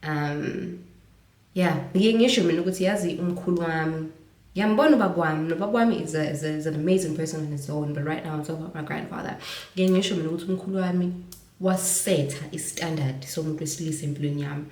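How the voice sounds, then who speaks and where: Talking casually to camera, a young South African woman reflects aloud, switching between English and Zulu phrases as a Zulu speaker. Her low voice moves fast and sounds a little mellow, captured as roomy audio from a distance.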